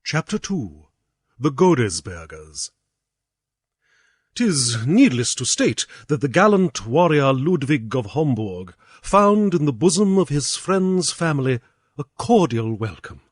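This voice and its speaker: Brit guy reading a storybook out loud, lively up and down voice, dry close mic. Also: a little high, husky, dry recording. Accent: British. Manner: measured, expressive reading. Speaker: audiobook reader. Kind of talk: storybook narration.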